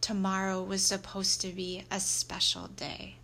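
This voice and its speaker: A woman reading aloud, voicing a male school principal who owns a dog, in a children's audiobook; he shouts in alarm one moment and speaks softly and kindly the next. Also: mid-range voice, a little slow, gravelly, a little hiss or hum. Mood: gentle. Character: male school principal, dog owner, flustered but loving.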